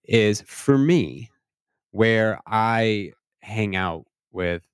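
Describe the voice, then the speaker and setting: A male podcast host talking in a reflective way, restarting phrases and slowing down to stress his points. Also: fairly low pitch, expressive, clean tone, no room sound, clean studio sound. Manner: reflective, searching for words, repeats himself, slows down to stress points. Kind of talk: casual podcast conversation.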